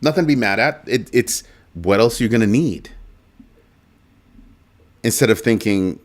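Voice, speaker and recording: A man's voice: on the low side, lively intonation, measured pace, pauses often. A man hosting a casual talk show, telling a story and mimicking a coworker with emphatic asides. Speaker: host. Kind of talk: casual chat.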